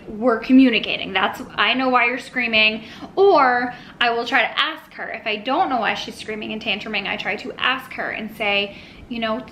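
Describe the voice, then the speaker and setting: A woman with a fairly high, bright, crisp voice chatting casually to camera as a parenting vlogger. She talks in an easy, rambling way with lots of little asides, a faint hiss running under the recording. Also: poor audio. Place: at home with her toddler nearby.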